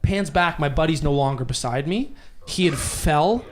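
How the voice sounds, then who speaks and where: A young man, telling stories in a casual, rambling way on a podcast microphone. His voice sits a little higher than most men's. He is animated, with plenty of fillers and restarts as he talks. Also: moderate pace.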